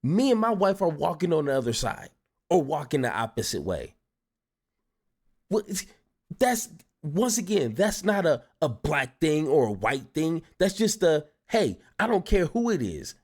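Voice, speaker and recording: Guy doing a reaction vid, slow and drawn out, voice bouncing all over, fed up and sighing a lot. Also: on the high side, very animated, darkish tone. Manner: exasperated, sighing asides with many restarts. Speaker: reaction video host. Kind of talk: casual reaction commentary.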